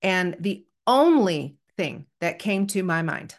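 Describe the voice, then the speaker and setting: A woman's voice: on the low side, very animated, slow pace, hardly any pauses. A middle-aged woman hosting a podcast, telling a story in an earnest, chatty and self-deprecating way. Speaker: podcast host. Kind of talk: casual solo podcast storytelling.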